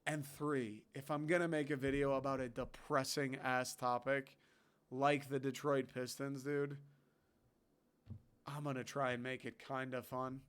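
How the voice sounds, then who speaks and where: A young man, hosting a podcast and ranting casually in a sarcastic, animated way, swearing often. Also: mid-range voice, unhurried, clear, resonant tone. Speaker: podcast host. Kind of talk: casual solo rant.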